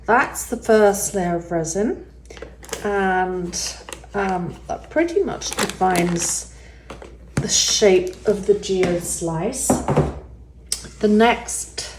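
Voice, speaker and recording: A resin art tutorial maker gives a casual, chatty step-by-step craft demo, thinking aloud with the odd um. Her medium-pitched voice is very slow with long pauses, and there's slight background noise plus a roomy echo.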